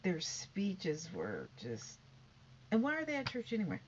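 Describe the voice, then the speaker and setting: A middle-aged woman giving chatty, sassy gossip commentary, sometimes dropping to hushed asides. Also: lowish voice, huge pitch swings, a little slow, highs cut off, a little hiss or hum. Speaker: commentary vlogger.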